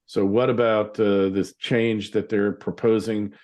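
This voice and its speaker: A man's voice: lowish voice, little pitch movement, unhurried, a little mellow. A man hosting a podcast interview, speaking in a casual, blunt and sarcastic way. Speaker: podcast host.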